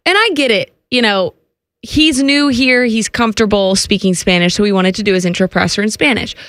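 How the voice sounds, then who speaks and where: A woman sports reporter on a radio talk show, slightly out of breath, telling a story in a chatty, animated way. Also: mid-range voice, fairly quick, dry recording. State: a little out of breath. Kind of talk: casual radio chat and storytelling. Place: radio studio.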